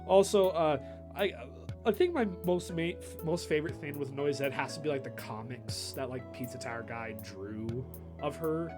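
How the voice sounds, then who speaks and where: Young man rambling casual game commentary. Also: fairly high pitch. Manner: rambling, many fillers and restarts, does quick impressions. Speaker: video host. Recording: background music over the voice.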